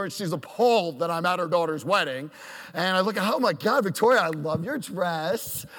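Before a live audience, a man in his thirties tells a self-deprecating story on stage, animatedly acting out quotes. His high, slightly bright voice rings through a reverberant hall.

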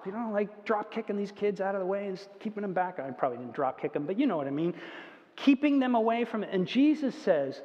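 A pastor with a high male voice delivers a conversational sermon, occasionally mimicking the whiny voices of small children. His delivery is sing-song, brisk, and a little mellow. The audio is dull and lo-fi, with long reverb echoing through a large hall.

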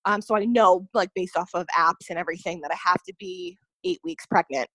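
With a lowish, slightly bright voice that runs a little fast, a young woman guesting on a podcast tells her own story earnestly. "Like" and "you know" crop up constantly, and the recording is dry.

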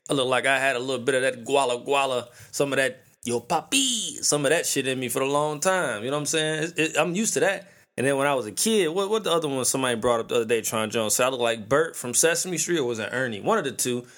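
Quick-paced with few pauses, this thirtysomething podcast host rants through a story full of swearing and slang. His voice is medium-pitched with a fairly bright tone, and the whole thing stays casual.

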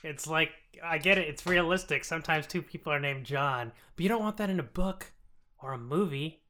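Man, podcast co-host, casual comedic recap, rambling, frequent laughter, bright tense tone. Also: on the high side, a little fast. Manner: laughs often, loose and rambling. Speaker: podcast co-host summarizing a TV series.

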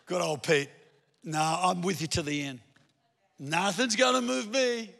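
A man voicing a boastful, overconfident male disciple, speaking softly and offhandedly. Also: on the high side, extremely slow, gravelly, husky, pitched below the performer's own voice, full character voice. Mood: boastful, breezy. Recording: long hall reverb.

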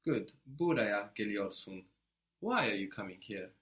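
Male language tutor, low voice, patient, asks questions and praises briefly. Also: sing-song, unhurried, a bit bright. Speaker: language teacher. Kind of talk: guided language lesson.

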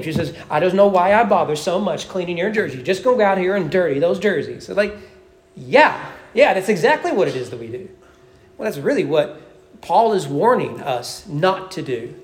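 A man preaching a Sunday morning sermon in a church, talking conversationally, often acting out the inner voices of believers and repeating words as he thinks aloud. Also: high voice. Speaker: pastor. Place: church sanctuary.

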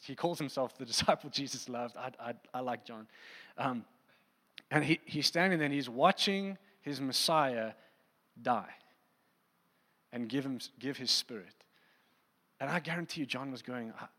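A man preaching a sermon in a lively, conversational way, acting out the scenes he describes. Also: mid-range voice, big-room sound.

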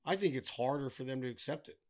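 A man's voice: medium pitch, fast. A middle-aged man talking casually as a podcast guest, blunt and given to swearing, ranting with wry humor. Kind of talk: casual chat.

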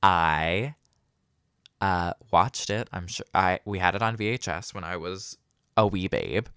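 A man's voice: low-pitched, a little slow, sharp tone, clear, resonant tone, dry recording, clean studio sound. Rambling young man on a podcast. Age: young adult. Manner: rambling and self-deprecating, many fillers. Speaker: podcast host. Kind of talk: casual solo podcast monologue.

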